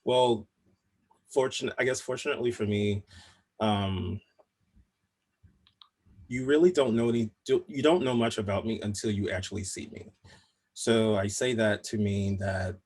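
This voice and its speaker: Husky low-voiced man, plain American. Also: normal speed, long pauses. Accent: General American. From Southern United States. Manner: relaxed storytelling with frequent light laughs. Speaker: panelist. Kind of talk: panel discussion over video call. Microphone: video call.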